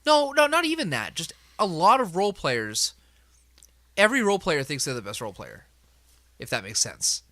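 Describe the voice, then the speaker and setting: A man's voice: fairly high pitch, sing-song, moderate pace, pushed and bright, dry recording. A man who runs a tabletop game, chatting with his group in an emphatic, reflective way and laughing often. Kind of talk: casual group chat.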